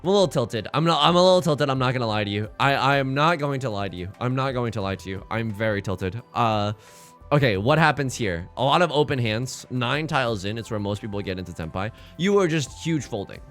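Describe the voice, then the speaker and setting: Lively young man narrating his game. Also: mid-range voice, brisk, faint music behind. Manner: swings between fretting mutters and excited outbursts. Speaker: let's play host. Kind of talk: casual gameplay commentary.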